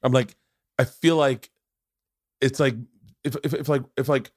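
A man's voice: medium pitch, fairly even intonation, a little slow, a little mellow, dry recording, studio quality. Rambling, cursing man host. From Florida. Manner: rambling, many restarts, swears freely. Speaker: podcast host. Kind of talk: casual interview chat.

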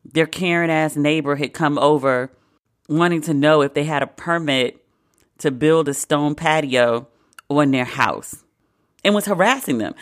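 A podcast host from the United States giving casual comedic commentary, profane and sarcastic, with animated asides. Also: mid-range voice, measured pace.

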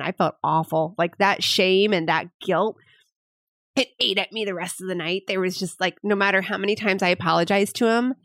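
A woman's voice: mid-range voice, fairly bright tone, no room sound. A woman co-hosting a casual podcast, enthusiastic and supportive as she chats. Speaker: podcast co-host. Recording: dry close recording.

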